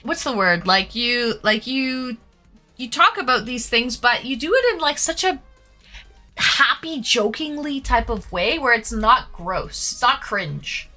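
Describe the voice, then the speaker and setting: A woman's voice: a little high, lively intonation, measured pace, bright, forceful tone. A young woman hosting a casual live stream, chatting with a guest, laughing often and reading out chat messages. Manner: giggly, filler-heavy, reads chat aloud. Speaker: streamer host. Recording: music playing faintly behind.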